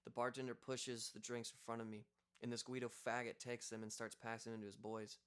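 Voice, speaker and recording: A man's voice: medium pitch, flat delivery, a little fast, a bit bright, smooth. A young man reading a first-person audiobook in a casual, conversational way. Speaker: audiobook reader.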